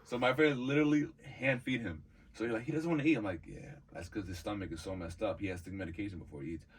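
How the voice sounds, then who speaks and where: A man telling a story on a podcast in casual chat, animated and profane, acting out the voices of the people in it. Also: lowish voice, fast, slightly rough, recorded from a distance. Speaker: podcast co-host.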